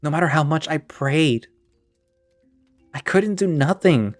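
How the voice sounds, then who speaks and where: A man's voice: medium pitch, lively intonation, normal speed, no room sound, soft background music, lightly acted. A man voicing a grown male friend who is crying, his voice shaky and cracking as he pleads, in a one-man audio drama. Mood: sobbing. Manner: pleading, choked-up. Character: tearful grown man, a loyal old friend.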